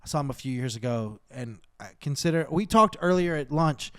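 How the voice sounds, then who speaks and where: A man's voice: mid-range voice, lively intonation, a little fast. A man co-hosting a podcast, chatting casually and enthusiastically about favorite albums. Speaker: podcast co-host. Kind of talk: casual chat.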